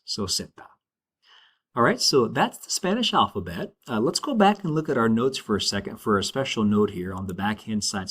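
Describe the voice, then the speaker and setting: Guy teacher walking thru a video lesson, slightly deep voice, keeps saying all right. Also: a bit bright, breathy edge. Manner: patient step-by-step explaining, frequent "all right". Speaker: Spanish teacher.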